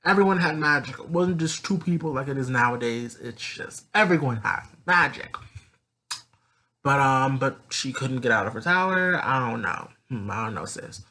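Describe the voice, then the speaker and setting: Man, casual profane recap vlogger, sassy and rambling, bright tone. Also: medium pitch, lively intonation, moderate pace.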